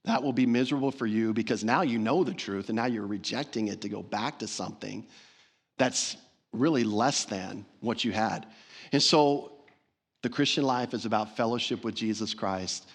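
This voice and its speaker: A man's voice: on the low side, normal speed. A man preaching a sermon as pastor, earnest and emphatic, repeating phrases for stress. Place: church sanctuary.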